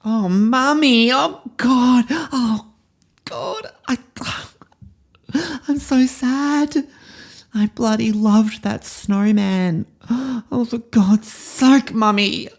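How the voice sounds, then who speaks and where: A man's voice: normal speed, natural voice. A man doing a wailing little girl. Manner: shrill wailing falsetto, melodramatic sobbing. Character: sobbing eight-year-old girl, overdramatic. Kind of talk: comedy podcast character monologue.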